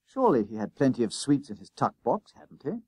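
A man reading a children's story aloud in an expressive narrating voice. His pitch moves in a lively way through the sentences. The recording is close and dry, with no room sound. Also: fairly quick, breathy edge, dry recording. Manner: expressive, does character voices.

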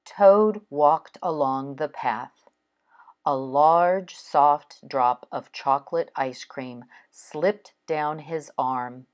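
A woman reading a children's storybook aloud in a slow, expressive storytelling manner. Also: low-pitched. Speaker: storybook reader.

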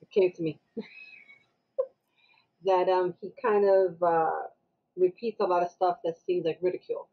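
A woman guest on a podcast, telling a story in a casual, animated way and acting out the people in it. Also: fairly low pitch, normal speed, pauses often, dull audio. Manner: animated, acts out the people she quotes.

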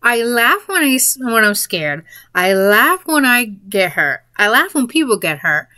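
A woman's voice: on the high side, sing-song, a little slow, pushed and bright, no room sound. A woman in a casual spoken monologue, rambling a little and breaking into giggles mid-sentence. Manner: rambling, with fillers and restarts. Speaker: vlogger.

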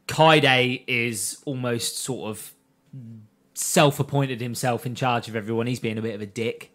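A man's voice: medium pitch, a bit bright. A man co-hosting a podcast, chattily retelling scenes from a show in a casual recap. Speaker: podcast co-host.

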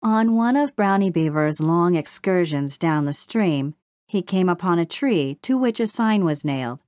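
A woman narrating a children's storybook in a steady, gentle read-aloud manner. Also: fairly low pitch, a little slow, no room sound, studio quality. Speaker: audiobook narrator.

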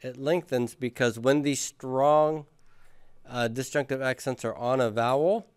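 A man teaches Hebrew grammar through a lecture with questions, patiently drilling the class and having them echo him. His mid-range voice is steady, clean and unhurried, captured with clean studio sound and no room sound.

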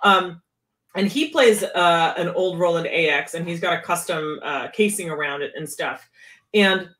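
A woman keytar player in casual chat, talking with animated, swooping emphasis. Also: lowish voice, a little slow.

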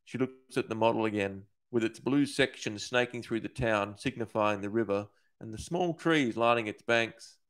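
A man from Australia, an author, reading his dark short story aloud in a steady, measured way. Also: lowish voice.

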